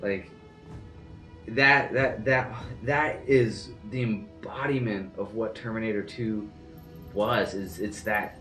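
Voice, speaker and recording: A man's voice: lowish voice, steady tone, takes it slowly, sharp tone, echoey room, distant mic, soft background music. A man giving an earnest, rambling, casual reaction to a film as a movie reviewer.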